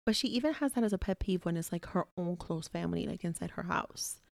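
A young woman chats on her podcast, blunt, laughing and swearing freely. Her voice sits at a middle pitch. It is recorded close and dry. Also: quick pace, vocal fry, no room sound. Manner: frank, profane, laughing. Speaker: podcast co-host. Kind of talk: casual chat.

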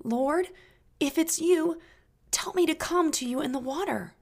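A woman's voice: sits high, measured pace, darkish tone, voice pushed up. A woman voicing an eager male disciple in a children's Bible story, pleading and earnest.

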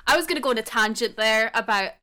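A woman's voice: on the high side, fast talker, sharp tone. A woman from Scotland with a Glaswegian accent, chatting casually with blunt, self-mocking humor. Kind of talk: casual chat.

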